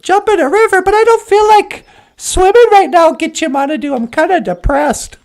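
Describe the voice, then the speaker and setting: A vain young beaver brags about himself and whines when things go wrong, as a woman storyteller puts him on. His voice sits up high and swoops about, and he drags his words out slowly. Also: expressive, darkish tone, heavily acted. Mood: whiny. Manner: boastful, whiny.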